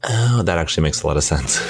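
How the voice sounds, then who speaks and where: Very deep-voiced relaxed man. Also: husky. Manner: relaxed, reflective, many fillers. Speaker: podcast co-host. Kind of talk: casual chat. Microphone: close mic on weight plates.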